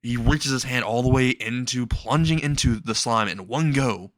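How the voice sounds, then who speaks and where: A man's voice: medium pitch, moderate pace, a bit bright, dry recording, studio quality. A young man casually narrating a comedic fan story, rambling and laughing at his own jokes.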